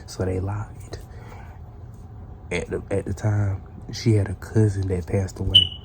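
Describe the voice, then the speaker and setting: A man's voice: deep voice, flat delivery, measured pace, vocal fry, very noisy. A man telling a casual storytime tale in a profane, rambling way, full of restarts.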